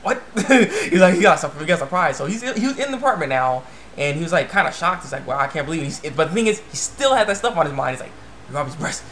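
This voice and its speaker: A man's voice: high voice, sing-song, quick pace, fairly bright tone. A young man casually recapping an anime episode, rambling with lots of fillers and "he's like". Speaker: anime reviewer.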